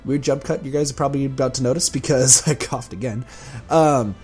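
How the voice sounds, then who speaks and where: Hoarse man rambling through a vlog update. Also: medium pitch, fairly even intonation, brisk, a little mellow, faint music behind. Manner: rambling, self-correcting, chuckling. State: hoarse, sore throat. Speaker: gaming YouTuber. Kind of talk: casual channel update vlog.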